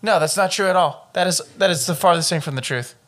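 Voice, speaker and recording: Bright-voiced man reading a true-crime case. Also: high-pitched, fast talker. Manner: profane and joking, wanders off into riffs. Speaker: podcast co-host.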